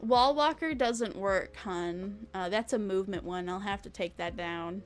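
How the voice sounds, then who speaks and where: A woman's voice: mid-range voice, a little slow, faint music behind. A young woman streamer chatting casually with her viewers, rambling, laughing often and swearing freely.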